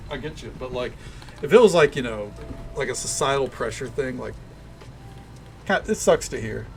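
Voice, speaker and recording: A man's voice: mid-range voice, expressive, normal speed, creaky, faint music behind. A man with a faint Tennessee Southern accent, chatting casually with viewers while he games, rambling in an easygoing way full of fillers. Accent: light Tennessee Southern drawl. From Tennessee, USA. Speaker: streamer.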